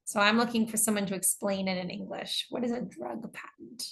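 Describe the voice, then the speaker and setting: A woman's voice: medium pitch, fairly even intonation, a little fast, vocal fry, fairly bright tone. An American woman teaching an online English class, explaining terms patiently with examples and reading out students' answers.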